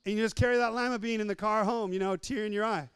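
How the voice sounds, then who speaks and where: A man delivers a joking sermon in a high, smooth, resonant voice. He repeats lines for emphasis and slips into other voices to act out little scenes. The sound is close and dry. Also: fairly even intonation, quick pace, fairly bright tone, dry recording. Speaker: preacher. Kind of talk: humorous sermon.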